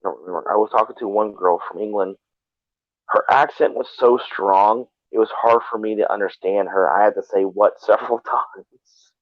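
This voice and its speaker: A man hosts a live stream, rambling through casual chat full of swearing and restarts. His voice sits low. It comes over a thin, phone-like line with no room sound at all. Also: moderate pace, no room sound. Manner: rambling and profane, with many restarts.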